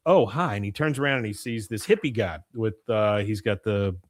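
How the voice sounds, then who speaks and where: A man's voice: lowish voice, fairly quick, no echo, clean studio sound. Man chatty podcast host retelling a cartoon episode. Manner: storytelling, acts out quoted lines, frequent filler "uh". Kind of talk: casual episode recap.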